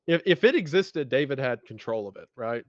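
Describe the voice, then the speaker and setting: A man's voice: medium pitch, expressive, brisk, no echo, lo-fi sound. A man hosting a podcast, talking in a casual, heartfelt way and reading scripture aloud with feeling. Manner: emotional, enthusiastic, reads scripture aloud with feeling. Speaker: podcast host.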